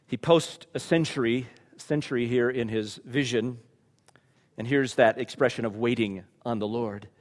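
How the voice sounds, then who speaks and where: Male pastor, sermon delivery, quiet to fervent, church with long reverb. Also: mid-range voice, moderate pace. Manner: preaching, from quiet and reflective to loud and fervent.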